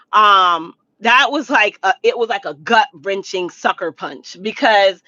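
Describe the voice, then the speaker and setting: A woman with a mid-range, bright, forceful voice tells a personal story in a casual storytime vlog, speaking directly to her viewers and repeating points for emphasis. The sound is lo-fi with no room sound.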